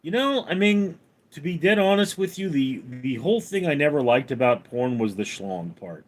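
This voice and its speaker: A man hosting a livestream at home, reading chat comments aloud and answering them deadpan. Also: fairly high pitch, normal speed. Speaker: livestream host.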